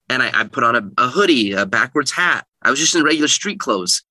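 A man's voice: mid-range voice, sharp tone, dry recording. A man in his thirties, a guest in an interview, telling a story in an earnest way and repeating phrases for emphasis. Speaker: guest speaker.

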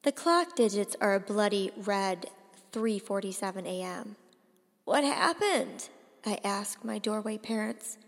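A woman narrating a first-person audiobook in an expressive, deliberate way. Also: mid-range voice, big-room sound. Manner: expressive, slow and deliberate, rising to cries in dialogue.

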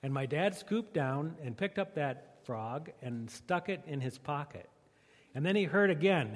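A pastor preaches in an easygoing, joking way, his voice on the higher side for a man. It rolls out into a big space, trailing a long reverb. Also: lively intonation, unhurried. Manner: joking, conversational. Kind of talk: sermon.

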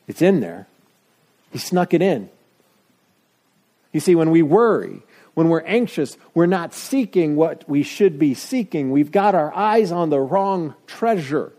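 A middle-aged man delivers a sermon in a relaxed, conversational manner. His voice sits a little high yet sounds mellow and soft-edged. He pokes fun at himself as he talks. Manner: conversational, self-deprecating, lively shifts of pitch. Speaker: pastor.

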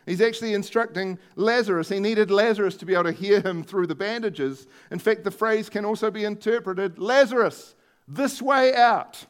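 A man's voice: high voice, brisk, hardly any pauses, smooth. A male preacher giving a sermon, retelling a story in a conversational way and stressing key words.

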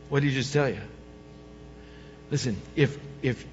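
A male pastor preaching a sermon, moving from soft coaxing lines to loud, emphatic ones. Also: medium pitch, moderate pace, long pauses, slight background noise. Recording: dull sound with long hall reverb.

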